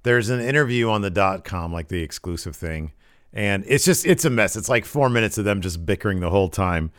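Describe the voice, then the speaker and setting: Rambling low-voiced man, eager. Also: animated, brisk, fairly bright tone, no echo, studio quality. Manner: enthusiastic, rambling with restarts and frequent agreement sounds. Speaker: co-host. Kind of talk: casual wrestling chat on a livestream.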